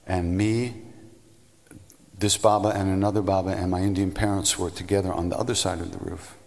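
A man giving a storytelling spiritual talk, unhurried, meandering and reflective. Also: deep voice, long reverb tail. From United States. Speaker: spiritual teacher.

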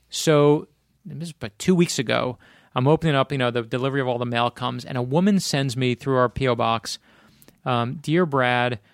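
A man with a gravelly, fry-laden voice tells personal stories in a close, dry sound. He is from Florida and talks as an author guest in a casual conversation, speeding up as the stories build. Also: medium pitch, no echo. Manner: animated anecdotes, speeds up in bursts.

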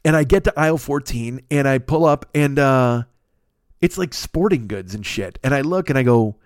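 A man hosting a podcast, telling a long comic anecdote in a casual, profane, animated way into a close mic. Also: mid-range voice, normal speed, smooth, no echo. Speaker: podcast host. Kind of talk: casual comedic storytelling.

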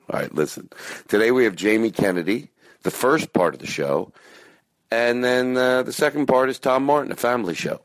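A man's voice: medium pitch, normal speed. Man rambling playfully into his phone. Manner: playful, silly, rambling asides. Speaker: podcast host. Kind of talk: casual comic intro. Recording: phone-recorded, dry.

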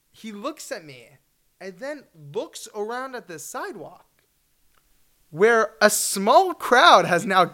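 A man in his twenties telling a story at a fireside chat, animated, acting out the people in it and laughing often. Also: sits high. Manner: animated, acts out voices, laughs often, shouts in bursts.

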